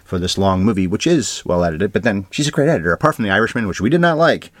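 Fast-talking low-voiced man reviewing films. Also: expressive, no echo. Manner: brisk, stat-heavy, dry asides. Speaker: podcast co-host. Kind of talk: casual film review chat.

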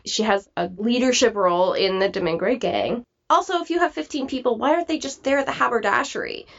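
A woman's voice: on the high side, fairly quick, creaky, highs cut off. A woman co-hosting a casual film discussion, analytical and confident. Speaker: film podcast co-host.

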